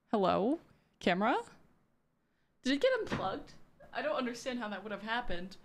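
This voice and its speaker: A woman's voice: medium pitch, animated, normal speed, pauses often, soft background music. Giggly young woman streamer chatting. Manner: chatty and giggly, many "like" fillers. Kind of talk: casual live-stream chat.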